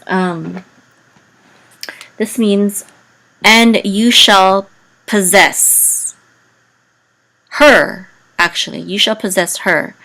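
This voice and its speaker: Woman teaching, slow and halting, lots of ums, sings words high and long, lowish voice. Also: fairly bright tone, low-quality recording. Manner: hesitant, many ums, chants words high and drawn out. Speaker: Hebrew teacher. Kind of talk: slow spoken lesson with chanted words.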